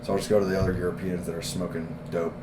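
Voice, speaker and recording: A man co-hosting a podcast in casual chat, laughing often, swearing and telling animated stories. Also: sits low, rapid-fire. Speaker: podcast co-host. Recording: echoey room with background noise.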